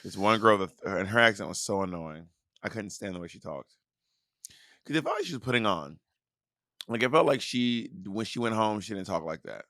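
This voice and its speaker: A man co-hosts a podcast in casual chat, blunt and sassy as he argues his points in a lowish voice. The recording is close and dry. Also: expressive, a little fast, pushed and bright, no echo. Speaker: podcast co-host.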